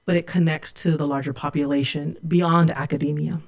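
A woman's voice: low voice, steady tone, brisk, gravelly, a little mellow. A woman, a sociology professor, telling an earnest, reflective story as a radio guest. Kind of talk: storytelling interview.

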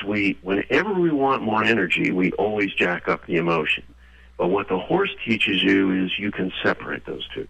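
A man being interviewed, talking in a lively storytelling way and acting out the voices he quotes. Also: lowish voice, vocal fry. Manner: animated, acts out quoted voices. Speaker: guest author. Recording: dull lo-fi radio audio.

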